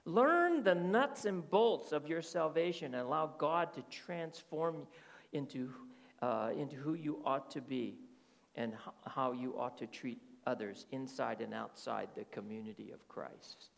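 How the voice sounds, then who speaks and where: A man's voice: medium pitch, animated, unhurried, creaky. A middle-aged man preaching a sermon as pastor, often checking in with his listeners through rhetorical questions. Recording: reverberant hall.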